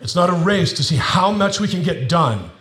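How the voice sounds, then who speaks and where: A middle-aged male pastor giving a sermon, with animated preaching that builds to emphatic repetitions. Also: high voice, normal speed, echoey room.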